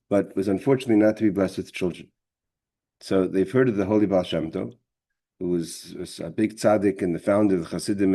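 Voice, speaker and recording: Low, mellow male Torah teacher. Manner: halting, repeats words, many fillers. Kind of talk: storytelling in a religious class.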